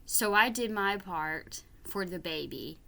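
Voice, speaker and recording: A woman ranting through reaction commentary, her voice bright and forceful. She speaks slowly and deliberately. She swears and trips over repeated words as her exasperation builds. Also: fairly low pitch, lively intonation, gravelly. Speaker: reaction vlogger. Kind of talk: reaction commentary reading viewer comments aloud.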